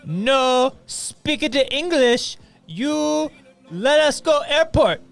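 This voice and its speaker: A woman's voice: sits high, expressive, moderate pace, gravelly, faint music behind, pitched above the performer's own voice. A man impersonating his flustered middle-aged mother as she speaks broken English in a clumsy put-on foreign accent. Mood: pleading.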